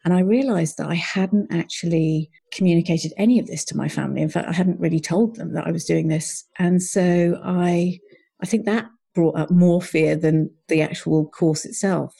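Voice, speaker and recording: A woman's voice: on the low side, gravelly, dark tone, husky. A middle-aged woman, a coach, telling a personal story as a podcast guest in an earnest, reflective way. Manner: earnest, reflective, often quotes her own thoughts.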